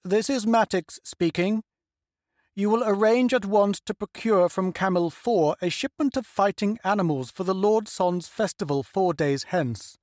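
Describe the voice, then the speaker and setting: A man voicing a dry, crisp male official issuing instructions over a broadcast in an audiobook. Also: high-pitched, darkish tone, no room sound, voice pushed up.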